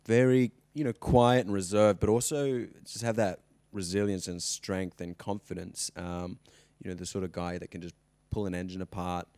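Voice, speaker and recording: A man's voice: low-pitched, fairly even intonation, normal speed, darkish tone, dry recording. A young man from Australia with an Australian accent, an actor speaking enthusiastically in an interview studio, often restarting his sentences. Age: young adult. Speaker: actor guest. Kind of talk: casual interview chat.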